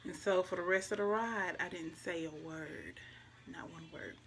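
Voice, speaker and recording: A woman's voice: fairly low pitch, normal speed, a bit bright, slight background noise. A young woman, telling a personal story casually and emotionally, with her voice often dropping to near-whispers. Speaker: vlogger.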